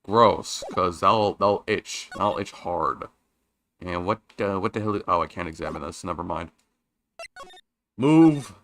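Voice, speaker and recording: A man's voice: deep voice, measured pace, pushed and bright, slight background noise. A young man streaming a video game, talking casually and reading dialogue aloud. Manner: casual and offhand. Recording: faint game music behind.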